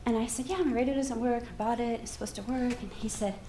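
A woman from Alaska telling a personal story on stage, lively and laughing as she acts out the people in it. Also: on the high side, quick pace, heavy background noise. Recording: echoey hall, faint ambience.

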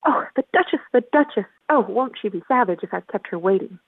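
A woman's voice: medium pitch, lively intonation, a little fast, breathy edge, no room sound. A woman voicing an anxious male white rabbit in a storybook reading, muttering in a hurry. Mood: fretting. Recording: tinny phone-like line.

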